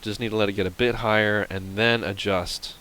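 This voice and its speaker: A man giving casual, rambling let's-play commentary, mocking himself and now and then yelping with excitement. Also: fairly low pitch, a little fast, slight background noise, low-quality recording. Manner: self-mocking, rambling, bursts into excited yelps.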